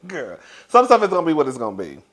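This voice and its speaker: A man with a slightly high voice runs through the latest celebrity gossip. He is sassy and chatty, and he breaks into laughter as he calls his listeners "girl". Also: wildly swooping pitch, fast talker, a bit bright. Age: older than young adult. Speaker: gossip commentator. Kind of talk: casual celebrity gossip commentary.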